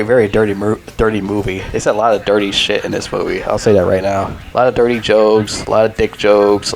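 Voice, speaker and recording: A man in his twenties talks through a film in a loose, rambling way, swearing freely and giving blunt opinions. His voice sits fairly low. Faint music plays behind him. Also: darkish tone. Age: 20s. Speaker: movie reviewer. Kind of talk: casual vlog review.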